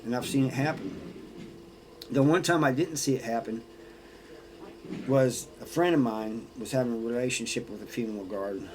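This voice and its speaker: A man's voice: medium pitch, normal speed, pauses often, noisy background. Plainspoken man recounting prison life. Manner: plainspoken, frequent restarts and "you know". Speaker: former prisoner sharing experiences. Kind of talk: casual storytelling monologue.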